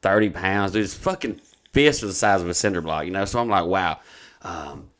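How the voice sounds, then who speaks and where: A man's voice: sits low, normal speed, fairly bright tone. A man telling a long, profane, rambling story in casual podcast talk. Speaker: comedian.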